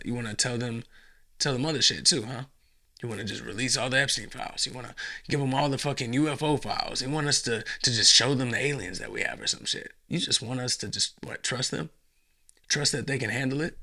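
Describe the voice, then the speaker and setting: A man's voice: medium pitch, moderate pace, bright, forceful tone. A man hosting a solo podcast, ranting in a profane, mocking commentary monologue. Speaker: podcast host.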